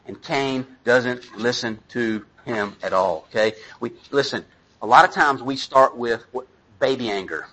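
A man's voice: mid-range voice, unhurried, a bit bright, husky, low-quality recording. A middle-aged man, a pastor, preaching a sermon in a conversational, self-deprecating way, with asides to the congregation.

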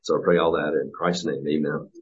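A man with a very deep, husky voice leads an earnest spoken prayer. He talks haltingly, with frequent pauses and fillers. The recording is dull and lo-fi. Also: little pitch movement. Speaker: class member leading prayer.

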